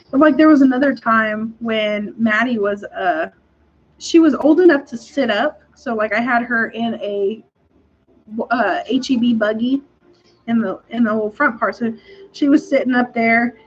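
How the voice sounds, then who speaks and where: Gal, kinda husky voice, riled up and laughing while she tells grocery store stories, muffled recording. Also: on the high side, unhurried. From Texas. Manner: animated, exasperated, laughs often. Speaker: podcast host. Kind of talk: casual storytelling. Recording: dull lo-fi recording.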